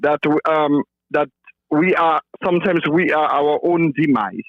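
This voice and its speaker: A man's voice: a little high, steady tone, unhurried, dry recording, phone-quality sound. A man from Saint Lucia calling a radio show, voicing political complaints and often repeating words as he talks. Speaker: caller.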